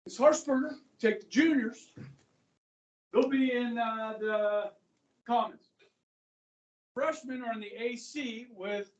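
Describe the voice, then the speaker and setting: A man's voice: high-pitched, distant mic. Chatty middle-aged male teacher, echoey classroom. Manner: chatty, joking, keeps checking in with the class. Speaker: high school history teacher. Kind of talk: classroom lecture. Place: school classroom.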